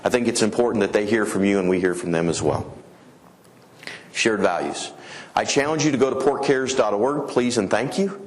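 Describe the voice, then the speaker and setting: Conference speaker: middle-aged man from colorado, lively storyteller, talks to the crowd on a stage mic. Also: moderate pace. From Colorado, USA. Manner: animated storyteller, acts out quoted customers with raised pitch. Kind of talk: energetic conference talk. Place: conference hall.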